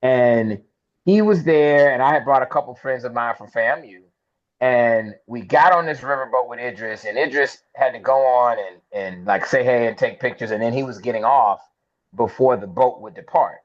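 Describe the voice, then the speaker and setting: A man speaking at a middle pitch tells a personal story with animated energy, slipping into the voices of the people in it. The sound is a little dull and lo-fi, like a modest podcast recording. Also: normal speed. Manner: lively storyteller who acts out quoted dialogue. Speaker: interview guest, film producer.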